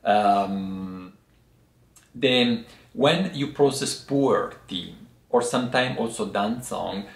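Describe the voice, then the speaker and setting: A man's voice: fairly low pitch, animated, gravelly. Man explaining tea words in an echoey room. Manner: patient, explaining step by step with frequent pauses. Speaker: tea teacher. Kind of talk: language and tea lesson.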